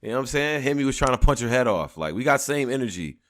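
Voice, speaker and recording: A man with a raspy voice, hosting a casual podcast in a laid-back way. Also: mid-range voice, lively intonation, quick pace, a bit bright. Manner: laid-back, loose, many fillers. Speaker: podcast host.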